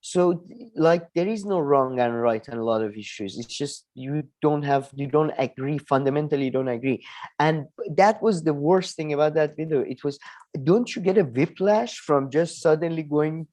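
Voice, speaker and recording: A man's voice: fairly high pitch, moderate pace, a little mellow. A man co-hosting a casual political debate chat, heated and rambling, swearing and filling gaps with many "uh"s. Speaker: podcast co-host.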